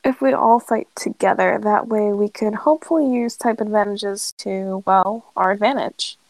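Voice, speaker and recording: A woman's voice: medium pitch, normal speed, no echo, rough recording. A woman playing a tabletop role-playing game, talking casually. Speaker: player.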